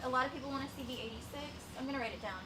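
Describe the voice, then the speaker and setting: A woman's voice: sits high, very fast, crowd noise. A woman on a live reptile sale, reading out animal genetics and orders in a matter-of-fact way. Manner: matter-of-fact, reads off lists. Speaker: assistant reading out stock and orders. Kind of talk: casual live sales chat.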